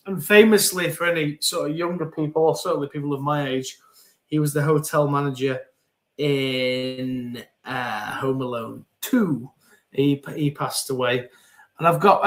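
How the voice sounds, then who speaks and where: A man's voice: fairly high pitch, fairly bright tone. A man in his forties hosting a live football podcast, reading out viewer comments in a chatty, rambling way and often repeating words. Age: 40s. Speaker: podcast host.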